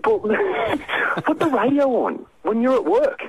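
A man's voice: unhurried, poor audio. A man on a radio show giving earnest, step-by-step advice as a vet. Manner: earnest, explanatory, lively pitch. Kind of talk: casual radio advice chat.

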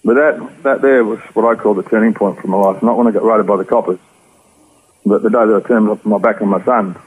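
An Australian man tells his story at a quick clip, earnest and rambling. His voice sits low and sounds husky. The audio is tinny and narrow, like a phone line on the radio. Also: fairly even intonation. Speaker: interview guest. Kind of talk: personal testimony.

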